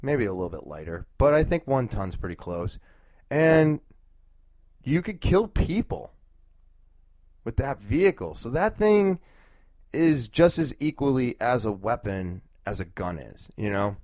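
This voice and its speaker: A man's voice: on the low side, big pitch swings, moderate pace, darkish tone, no echo. A man hosting his own podcast, thinking aloud in casual talk, rambling with fillers and restarts. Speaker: podcast host.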